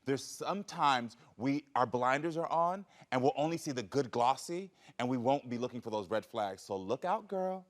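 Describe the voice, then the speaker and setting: A man's voice: medium pitch, expressive, moderate pace, few pauses. A male talk show host in a TV studio with a mid-range voice. He speaks emphatically and affectionately, teasing his guest playfully and pressing his points home.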